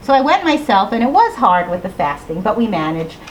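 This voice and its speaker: A middle-aged woman telling a personal story to an audience in an animated way, acting out voices and rhyme lines. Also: medium pitch, a little fast, slight background noise, low-quality recording. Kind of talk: storytelling talk.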